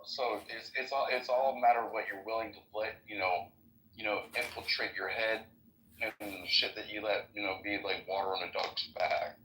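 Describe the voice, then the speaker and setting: A man's voice: lowish voice, fairly even intonation, normal speed, pushed and bright. A man chatting casually on a podcast, rambling and swearing as he tells jokes. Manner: profane, rambling storyteller. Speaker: podcast host. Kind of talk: casual chat, telling jokes. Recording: echoey room with faint noise.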